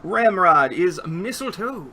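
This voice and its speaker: A man's voice: high voice, lively intonation, slow, bright, forceful tone, a little hiss or hum. A man running a tabletop game as game master, narrating the action and thinking aloud over dice with easy chuckles.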